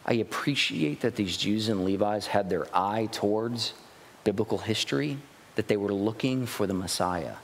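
A man preaching a sermon as a pastor, conversational and animated, acting out the questions he quotes. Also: fairly low pitch, moderate pace, big-room sound, a little hiss or hum.

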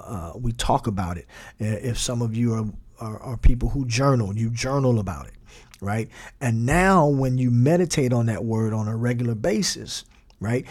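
A man's voice: medium pitch, darkish tone. A man teaching a bible study in a conversational way, repeating phrases and building emphasis, with frequent fillers.

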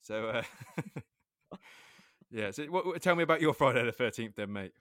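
A man's voice: medium pitch, lively intonation, normal speed, fairly bright tone. A man tells a story in a loose, casual podcast chat. He laughs often and swears in nearly every line. The recording is dry, with no room echo. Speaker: podcast co-host.

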